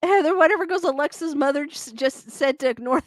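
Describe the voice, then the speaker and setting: A woman's voice: high voice, fairly quick, dry recording. A woman hosting a livestream, chatting casually, reading viewer comments aloud and laughing often. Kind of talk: casual chat.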